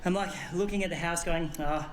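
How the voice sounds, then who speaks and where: A man's voice: fairly high pitch, brisk, slight background noise, close to an everyday voice. A man voicing a male felt puppet stand-up comedian, telling a story in a dry, self-mocking way with casual swearing. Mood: wry.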